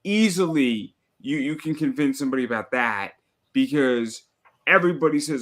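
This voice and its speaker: Podcast guest, male, mid-pitched: persuasive talker who keeps asking "right?". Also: expressive, moderate pace, a bit bright. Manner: persuasive, builds points with repeated "right?". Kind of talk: casual chat.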